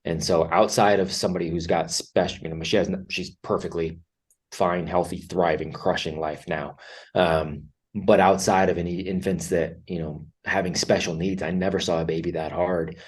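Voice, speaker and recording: Deep-voiced man telling personal stories. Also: fairly even intonation, moderate pace, breathy edge. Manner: earnest, reflective, frequent fillers and restarts. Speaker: podcast guest. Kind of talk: candid conversational storytelling.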